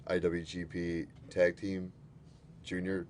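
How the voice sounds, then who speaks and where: A man's voice: low voice, little pitch movement, slow, darkish tone. A man appearing as a guest on a live stream, talking in a laid-back, dry way and teasing the host. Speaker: guest, pro wrestler. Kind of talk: casual interview chat.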